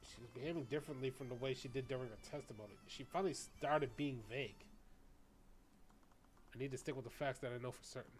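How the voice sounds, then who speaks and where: A male streamer reading game dialogue aloud in a brisk, pressing way. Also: medium pitch, faint music behind.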